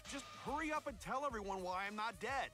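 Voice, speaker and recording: A man's voice: sits high, animated, fairly quick, sharp tone, faint music behind. A man voicing a cocky young man in a mech suit in a video game, breezy and brash.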